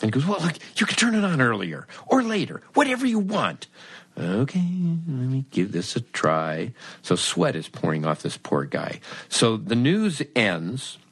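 Wry and self-mocking, the middle-aged podcast host recounts a story about himself at a moderate pace, playing both sides of the conversation. His medium-pitched voice swings widely in pitch and sounds slightly rough, with no room sound.

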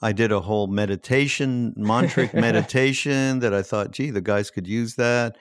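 A relaxed male podcast host with a lowish voice, chatting easily and laughing often with his guest. The sound is dry and close, with no room echo. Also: normal speed. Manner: laid-back, laughing, playful. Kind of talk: casual interview chat.

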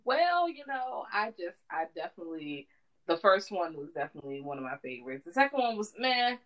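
A young woman co-hosts a casual podcast, her voice sitting on the lower side. She talks in an animated, profane way, stressing her points hard. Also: a little fast, rough recording. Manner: animated, profane, emphatic storytelling. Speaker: podcast co-host. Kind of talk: casual chat.

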